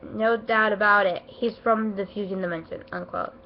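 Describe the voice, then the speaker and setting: A woman giving a casual, rambling anime episode review, emotional and excitable, full of fillers and restarts, her voice not at its best as she feels unwell. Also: mid-range voice, normal speed, a little hiss or hum. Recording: dull lo-fi home recording.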